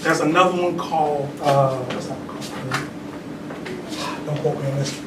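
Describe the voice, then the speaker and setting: Speaking at a measured pace with a steady tone, this man's voice sits on the high side. He's a temple leader leading a religious talk that invites responses, tossing in "right?" again and again in a chatty way, captured in a noisy, echoing room from a distance.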